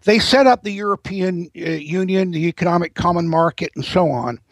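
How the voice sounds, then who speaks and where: A man's voice: sits high, a little fast, no room sound, low-quality recording. A man speaking as an interview guest, telling long explanatory stories with frequent restarts and fillers. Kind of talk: interview commentary.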